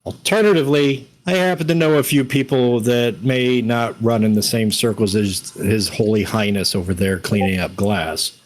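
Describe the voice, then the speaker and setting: A man's voice: fairly low pitch, fairly even intonation, normal speed, few pauses. A man with a Bronx accent role-playing his character in a tabletop game, cocky and wisecracking.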